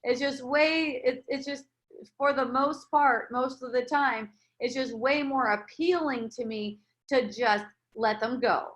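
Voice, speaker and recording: A woman leading a casual spiritual dialogue, speaking gently and reassuringly with many restarts. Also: high voice, unhurried. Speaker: spiritual teacher.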